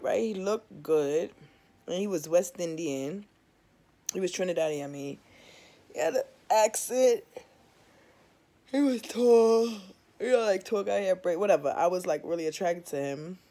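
A woman's voice: on the low side, moderate pace, warm tone. A young woman vlogging in a candid, emphatic, casual way, swearing freely and often checking in with her viewers. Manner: candid, emphatic, swears freely, keeps asking "you understand?". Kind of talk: casual confessional chat to viewers.

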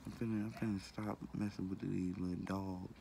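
A deep, gravelly-voiced man rambles on in a loose, slangy, repetitive way, cussing now and then. He talks casually to his viewers with a low, rough tone. Faint background noise sits under his voice. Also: little pitch movement, fairly quick. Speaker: vlogger. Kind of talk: casual talk to camera.

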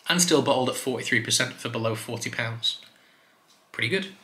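A man casually reviewing a whisky for his video channel, chatty and relaxed with loose fillers. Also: medium pitch, brisk. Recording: roomy echo.

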